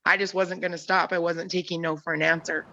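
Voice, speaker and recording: Emphatic low-voiced woman, dull lo-fi sound. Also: little pitch movement, brisk, pushed and bright. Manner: emotional, emphatic, insistent. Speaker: interviewee. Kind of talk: news interview.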